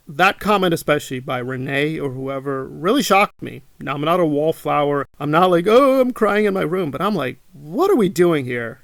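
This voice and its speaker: A man talks straight to his viewers, indignant and insistent, circling back to the same questions. His voice is gravelly and sits a little high. The sound is dry and close, with no room echo. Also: a bit bright. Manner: indignant, repeats himself, mocks his critics in quotes. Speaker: channel host. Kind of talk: monologue to camera.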